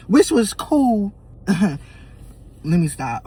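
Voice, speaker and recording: A young man tells a storytime vlog. He is animated and emotional, and he acts out his own lines and his family's. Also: high-pitched, a little slow, breathy edge. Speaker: vlogger.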